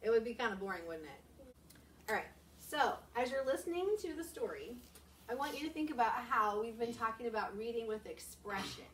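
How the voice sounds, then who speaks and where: Teacher lady talking to little kids, bouncy lively voice, kinda high, echoey classroom heard from far off. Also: brisk, slight background noise. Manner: animated and expressive, asking many questions. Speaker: elementary school teacher. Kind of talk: teaching a class of young children.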